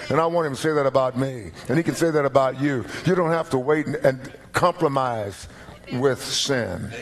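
A middle-aged man preaching a sermon as pastor, animated and emphatic, with rising peaks. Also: a little high, moderate pace.

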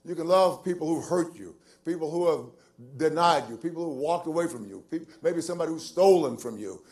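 Preaching with a lively, rising-and-falling intonation, an older pastor shifts from quiet musings to booming, stretched-out stresses. He repeats himself, laughs softly as he goes, and his voice runs somewhat high.

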